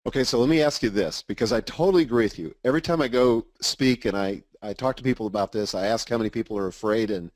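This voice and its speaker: A man's voice: lowish voice, quick pace, hardly any pauses, darkish tone, no echo. A man hosting an interview, asking questions and giving short, agreeing replies. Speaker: interview host. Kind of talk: casual interview conversation.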